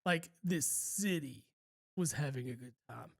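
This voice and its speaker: A man's voice: mid-range voice, a little slow, creaky, slightly rough. A man co-hosting a podcast, telling a long story in a laid-back, rambling way and swearing freely. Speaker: podcast co-host. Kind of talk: casual storytelling chat.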